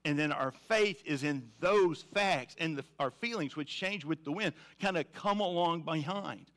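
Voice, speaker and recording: A man's voice: fairly high pitch, moderate pace, fairly bright tone. A man preaching a sermon in a conversational, emphatic way, often repeating phrases. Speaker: pastor.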